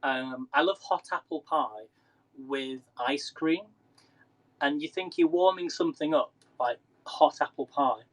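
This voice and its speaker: A man's voice: on the high side, a little slow, low-quality recording. Chatty man cooking live. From England. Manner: chatty, laughs often, chats with viewers by name. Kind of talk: casual live-stream cooking chat. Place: home kitchen.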